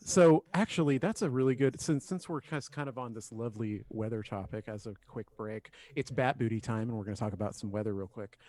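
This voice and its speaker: A man's voice: medium pitch, brisk, few pauses, a little mellow. A man co-hosting a podcast in casual chat, rambling with frequent restarts and swearing. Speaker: podcast co-host.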